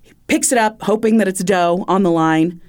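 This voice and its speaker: A woman co-hosting a casual true-crime podcast, telling the story in an animated, giggly way. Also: medium pitch, normal speed. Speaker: podcast co-host.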